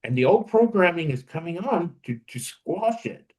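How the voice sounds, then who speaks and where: A man's voice: fairly high pitch, sing-song, normal speed, darkish tone, rough recording. A man co-hosting a podcast, speaking reflectively and thinking aloud, often restarting his sentences. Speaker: podcast co-host. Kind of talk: casual podcast conversation.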